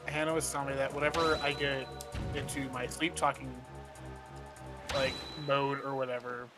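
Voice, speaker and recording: A young man chatting casually on a gaming stream, telling animated stories with swearing and chuckles. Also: mid-range voice, normal speed, music in the background. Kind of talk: casual chat while gaming.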